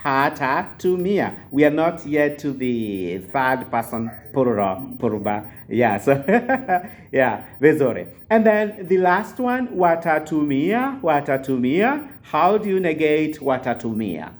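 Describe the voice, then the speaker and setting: A man teaching a lesson over a video call. His voice sits mid-pitch. He is patient, repeats words slowly and fills his pauses with hesitant uhs. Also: big pitch swings. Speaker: Swahili teacher. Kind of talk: online language lesson.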